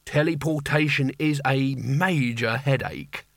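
A man voicing a slick, busy male genie who talks in breezy, drawn-out sales patter. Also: medium pitch, creaky, a bit bright, no room sound, studio quality, exaggerated voice.

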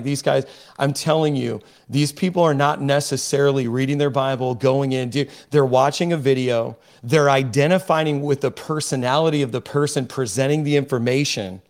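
A man's voice: medium pitch, a little mellow. A man speaking as a podcast guest, emphatic and preachy, often restarting his sentences as he builds his point. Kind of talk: impassioned podcast discussion.

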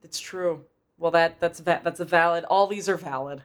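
Woman, podcast co-host, slightly low voice, rambling film recap, lots of fillers. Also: normal speed. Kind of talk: casual film-review chat.

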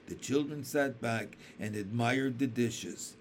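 A man reading a children's book aloud with expressive storytelling. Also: mid-range voice, slow, few pauses, slight background noise. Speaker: audiobook reader.

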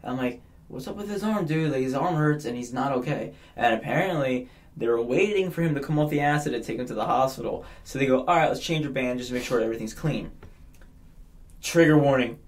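A man's voice: mid-range voice, expressive, fairly quick. A young man on a casual podcast, telling a long story with a lot of animation, quoting people in changing voices and laughing often. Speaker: podcast guest.

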